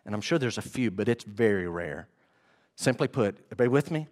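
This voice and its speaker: A male pastor preaching a sermon, animated and often asking the congregation questions. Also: fairly low pitch, a little fast.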